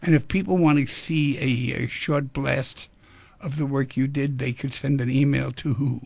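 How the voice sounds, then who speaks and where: Male radio call-in host, playful storyteller; husky, dry studio sound. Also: medium pitch, steady tone, normal speed, a little mellow, dry recording. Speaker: radio talk show host.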